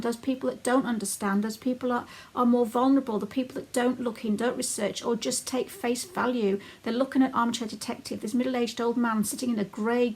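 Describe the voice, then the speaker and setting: Husky woman, indignant commentary. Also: a little high. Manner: indignant, emphatic warning. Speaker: commentary channel host. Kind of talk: critical commentary.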